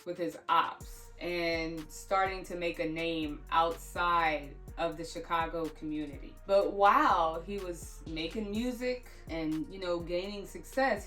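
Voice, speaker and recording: A woman's voice: lowish voice, a bit bright, far from the mic. A woman narrating a true crime story in a casual, chatty way, dropping offhand asides as she goes.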